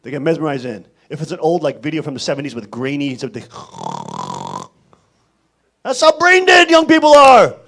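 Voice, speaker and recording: A male pastor preaches with a high voice that swoops widely in pitch. He is emphatic and scolding, punching his warnings hard and then dropping low to advise. The delivery is an animated sermon. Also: moderate pace, long pauses.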